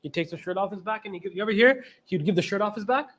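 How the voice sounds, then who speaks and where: A man's voice: sits high, very fast, a bit bright. A man giving a class lecture as a religious teacher, emphatic and repeating key phrases, retelling stories with quoted dialogue.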